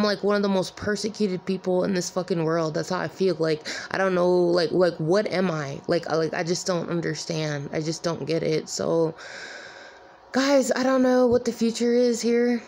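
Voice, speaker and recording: A weary woman talks to her viewers in a personal vlog. Her voice sits a little low and has a gravelly fry. She rambles and halts, filling gaps with "like.". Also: a little hiss or hum. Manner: rambling, halting, many repeated "like"s. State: weary and distressed. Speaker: vlogger.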